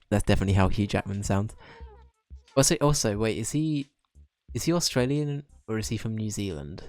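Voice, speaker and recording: A young man streaming a game and chatting loosely with his viewers. His voice sits fairly low, and he rambles, laughs and restarts sentences often. Soft game music plays faintly behind him. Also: expressive, fairly quick, dry recording. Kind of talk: casual game-stream chat.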